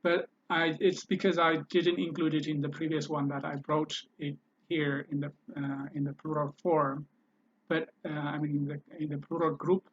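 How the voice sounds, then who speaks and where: A man teaching a language lesson, talking slowly and hesitantly, with many fillers and repeated words. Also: fairly high pitch, flat delivery, husky. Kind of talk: slow spoken language lesson. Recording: dull lo-fi recording.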